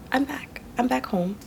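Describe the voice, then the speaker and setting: A woman's voice: high voice, gravelly, very noisy. A tired woman vlogger and makeup artist, telling a story casually to camera and repeating lines for emphasis.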